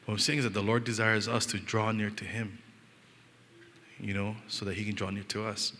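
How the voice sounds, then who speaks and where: A young man from Hawaii preaches with a relaxed Hawaiian Pidgin lilt, his voice bright and forward. He tells stories in an animated, joking way and acts out the people in them, and his words ring out in the long reverb of a church hall. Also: on the low side, moderate pace, a little hiss or hum. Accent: Hawaiian Pidgin-inflected English. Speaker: pastor. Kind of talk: storytelling sermon.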